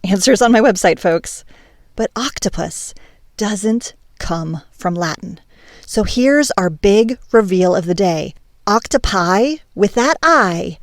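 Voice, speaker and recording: A woman's voice: mid-range voice, no echo, clean studio sound. A woman hosting a language podcast, delivering a scripted monologue in a playful, emphatic, teacherly way. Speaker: podcast host.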